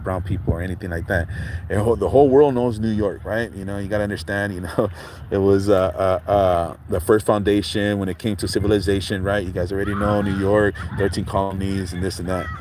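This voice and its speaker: A man from California, hosting a casual livestream outdoors by a lake and telling a story in a rambling, animated way full of fillers. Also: on the low side, fast, a little hiss or hum, rough recording. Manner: rambling, animated, full of fillers like "you know what I'm saying". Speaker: livestream host.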